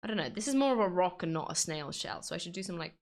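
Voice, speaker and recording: A woman's voice: lowish voice, lively intonation, quick pace, creaky. A woman chatting casually while she draws, self-mocking and laughing often. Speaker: drawing vlogger. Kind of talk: casual chat while drawing.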